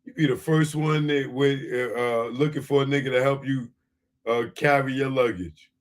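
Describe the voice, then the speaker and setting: A man's voice: medium pitch, fairly even intonation, normal speed. A man hosting a live comedy commentary stream, loose and profane, breaking into mocking impressions. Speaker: comedian host. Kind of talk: live stand-up style commentary.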